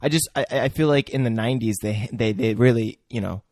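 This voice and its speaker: A man's voice: mid-range voice, a little fast, darkish tone, no echo, clean studio sound. A man co-hosting a podcast in casual chat, chiming in with laughs and swearing. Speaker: podcast co-host.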